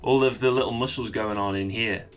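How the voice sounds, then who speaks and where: A man's voice: fairly low pitch, steady tone, brisk, clean tone, soft background music. A young man chatting casually while he draws, muttering and swearing as he gets frustrated. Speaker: artist streamer. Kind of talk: casual drawing commentary.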